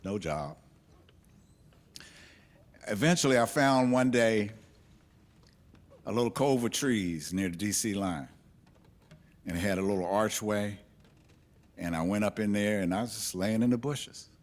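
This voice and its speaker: A man shares a personal story before a live audience. His voice sits on the low side, and he speaks candidly and reflectively, pausing and restarting as he works through his memories.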